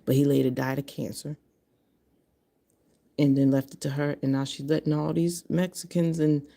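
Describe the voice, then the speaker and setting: Woman in her fifties, mellow low-toned voice, blunt, swears freely, casual monologue. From Connecticut, US. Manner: blunt, profane and opinionated. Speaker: vlogger.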